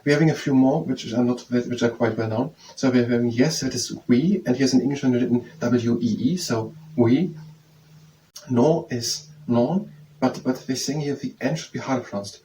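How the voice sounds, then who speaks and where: A man working through a French phrase book aloud, halting and thinking out loud as he slowly repeats each phrase several times. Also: mid-range voice. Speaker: language learner teaching himself. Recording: distant mic with faint room noise.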